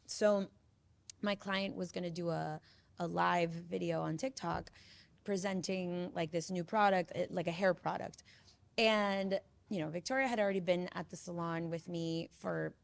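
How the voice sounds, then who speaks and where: A woman in her thirties, a podcast host, telling a lively anecdote in casual chat and acting out the voices of the people in it. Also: lowish voice, vocal fry. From grew up in the 1990s. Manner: animated storytelling, acts out quoted voices.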